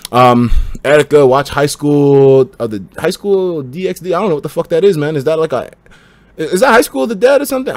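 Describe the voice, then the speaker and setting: In a dry recording, a young streamer works through his chat with slang and swearing, his energy lurching between loud hype and quiet mumbling.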